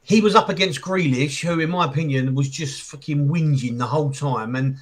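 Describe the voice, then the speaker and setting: Higher-voiced man hedging football views. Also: moderate pace. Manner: animated, hedging with "I think". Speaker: podcast co-host. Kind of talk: casual football chat.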